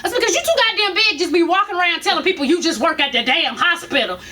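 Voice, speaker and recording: A woman vlogger telling a story casually, animated and profane, laughing often as she goes. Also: very high-pitched, fast.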